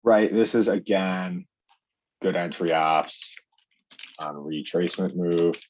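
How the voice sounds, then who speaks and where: Chatty low-voiced man explaining trading charts. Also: slow pace, a little mellow, highs cut off. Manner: chatty, heavy use of "like" and "okay", acts out his own reactions. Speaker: day trading educator. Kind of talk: casual screen-share chart walkthrough.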